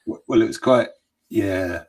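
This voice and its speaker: A man's voice: fairly low pitch, a little mellow. A man co-hosting an online chat, talking hesitantly with many halts. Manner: hesitant, halting, restarts often. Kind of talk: casual chat. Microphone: online video call.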